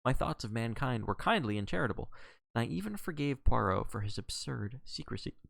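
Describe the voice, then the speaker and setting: A man reading a novel aloud on a live stream, measured, with casual asides when he corrects himself. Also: mid-range voice, expressive, vocal fry, a bit bright, no room sound.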